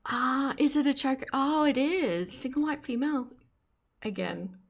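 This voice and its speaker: A woman's voice: sits high, moderate pace, a little hiss or hum. A woman hosting a casual livestream, reacting to clips and chatting with her viewers in a giggly, rambling way as she reads their comments aloud. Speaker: streamer host.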